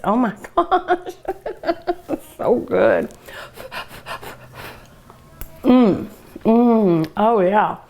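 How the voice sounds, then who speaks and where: An older woman with a Kentucky Southern accent, somewhat high-voiced with a darkish tone, hosts a food tasting show as a cooking show host and restaurant owner. She savors and gushes over every dish she tastes, humming and sighing between bites.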